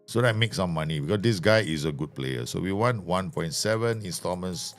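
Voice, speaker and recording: A man's voice: low voice, lively intonation, fairly quick, faint music behind. A man giving chatty, jokey live commentary as he streams a game.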